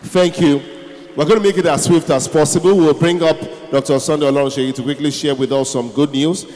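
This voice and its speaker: A man's voice: a little high, fairly even intonation, a little fast, darkish tone. Man emceeing in an echoey hall. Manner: rallying audience applause. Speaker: event MC. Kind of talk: live event hosting. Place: large conference hall. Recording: echoey hall, faint crowd ambience.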